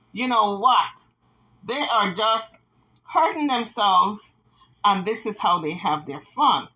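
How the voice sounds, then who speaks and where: A woman's voice: on the high side, bright, forceful tone, poor audio. A woman vlogger giving casual gossip commentary, dramatic and playful, with sassy asides.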